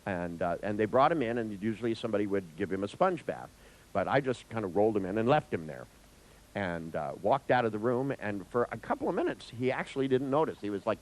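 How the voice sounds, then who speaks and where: Animated man telling a wild story. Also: low-quality recording. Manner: animated, acts out voices with big pitch jumps; profane, laughs at his own story. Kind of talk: storytelling in a lecture.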